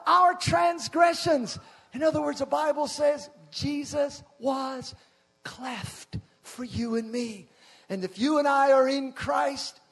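A pastor preaching a sermon to a church, often shouting out with passion. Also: male voice, extremely high pitch.

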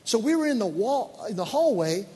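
A man preaching as a pastor, telling stories in an animated, exclaiming way. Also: extremely high pitch, moderate pace, breathy edge. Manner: animated, exclaiming storyteller with bursts of excitement. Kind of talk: sermon storytelling. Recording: church hall reverb.

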